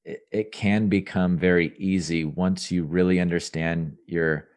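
A man in his thirties with a deep, low voice talks in a casual podcast interview. He rambles upbeat and earnest, stumbling over restarts and repeated words as he goes. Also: steady tone, unhurried, a little mellow. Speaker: entrepreneur guest.

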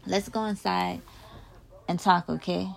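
Woman reading as a calm, pleading father. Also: fairly low pitch, a little slow, gravelly, a little hiss or hum. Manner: soft and pleading.

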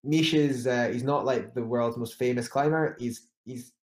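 A man's voice: mid-range voice, moderate pace, darkish tone, reverberant. A man telling a climbing story in a casual interview, rambling with many restarts and fillers. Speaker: climber guest.

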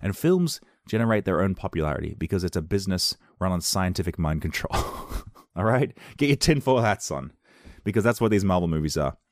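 Deep-voiced enthusiastic man rambling. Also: darkish tone, no room sound, clean studio sound. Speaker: podcast film reviewer. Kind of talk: casual solo podcast review.

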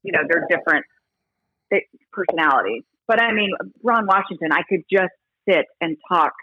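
A woman who reports on baseball broadcasts, chatting in an interview as an animated storyteller who restarts her sentences a lot. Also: lowish voice, moderate pace, husky, no echo, highs cut off. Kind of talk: casual interview talk.

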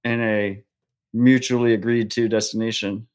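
A man co-hosting a podcast in casual chat, blunt and quick to swear. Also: fairly low pitch, level tone. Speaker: podcast co-host.

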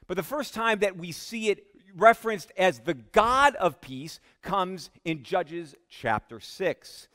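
High-voiced man preaching slowly in a reverberant hall. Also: lively intonation. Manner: slow, emphatic preaching that drops to a hush on key words. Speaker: pastor. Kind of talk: sermon.

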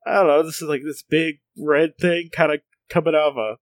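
A man's voice: fairly high pitch, steady tone, a little fast, no echo. A man co-hosting a casual chat, hesitant with many fillers and restarts.

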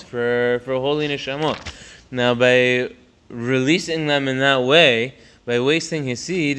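A man teaching a religious text line by line, stopping often to restart a phrase and raising his voice on key points. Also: fairly bright tone. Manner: rises in pitch and volume to stress key points. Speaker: Torah teacher. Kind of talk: text study lesson.

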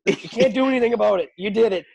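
High-voiced young man chatting about fights. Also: rapid-fire, gravelly, slightly rough, lo-fi sound. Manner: animated, laughing, stammering restarts. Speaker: podcast host. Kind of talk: casual chat about fights.

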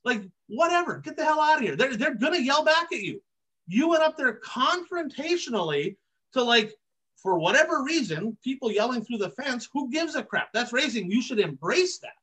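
Fired-up podcast guy ranting, really high bright voice, keeps hammering his point. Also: sing-song, normal speed, slightly rough. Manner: ranting, emphatic, repeats "plain and simple". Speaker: podcast host. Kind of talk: heated casual commentary on dirt track racing.

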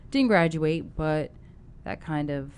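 A woman's voice: low voice, animated, takes it slowly, a little mellow, a little hiss or hum. A woman actor being interviewed, chatting casually and stopping often to restart her thoughts. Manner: chatty, with many fillers and restarts. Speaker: actor guest.

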